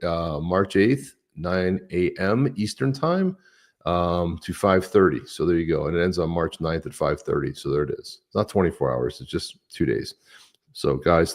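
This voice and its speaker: A man co-hosting a live stream, chatting casually and upbeat, greeting viewers by name. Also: deep voice. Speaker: podcast co-host.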